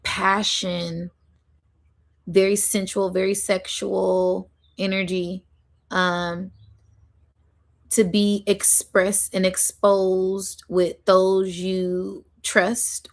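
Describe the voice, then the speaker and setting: A woman giving an intuitive spiritual reading to her viewers, chatty and giggly, drawing out words slowly as she channels. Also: mid-range voice, a bit bright. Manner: chatty, giggly, talks straight to her audience. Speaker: spiritual energy reader.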